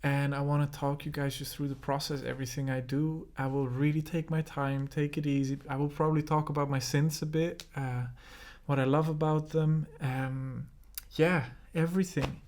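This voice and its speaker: A man's voice: fairly high pitch, level tone, moderate pace, a little mellow. A man hosting a casual music vlog from his home studio, talking in a laid-back, rambling way with plenty of fillers. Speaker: music producer and host.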